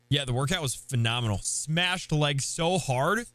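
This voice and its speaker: Brief: young male streamer, high and bright, lively and playful. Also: moderate pace, dry recording. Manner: hyped, playful, shouts greetings to chat. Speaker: game streamer. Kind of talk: live stream chat.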